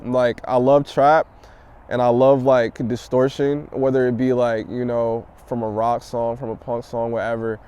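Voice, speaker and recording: A young man from the DMV area, a rap artist, answering interview questions in a loose, profane, animated way. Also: mid-range voice, measured pace, smooth.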